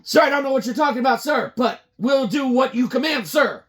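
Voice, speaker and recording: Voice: high-pitched, animated, fairly quick, a bit bright, pitched above the performer's own voice. A podcaster voicing a jittery, servile male marketing underling in a comedy reenactment. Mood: frantic. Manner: frantic and servile, repeating "sir".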